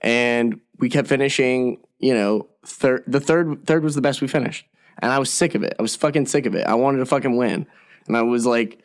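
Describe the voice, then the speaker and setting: A man's voice: medium pitch, brisk. A young man, an actor, co-hosting a comedy podcast, telling stories with lots of swearing and acted-out quotes. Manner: animated, profane, acts out quotes. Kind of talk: casual comedy chat, storytelling.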